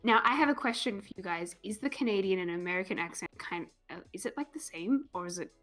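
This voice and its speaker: A woman's voice: mid-range voice, animated, quick pace, a bit bright, faint music behind. Aussie woman chatting on a game stream, reads out chat requests, casual. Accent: Australian. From Australia. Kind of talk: casual live-stream chat while gaming.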